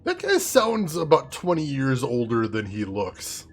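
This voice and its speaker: A man giving chatty, animated commentary while playing a video game, laughing often. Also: mid-range voice, measured pace. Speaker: gaming streamer. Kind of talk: casual let's-play commentary.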